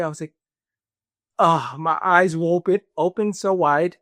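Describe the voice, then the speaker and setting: A man's voice: on the high side, a little slow, long pauses, a bit bright, no echo, studio quality. A man telling a personal story in casual conversation, acting out the voices of others with fillers like "this and that". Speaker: guest.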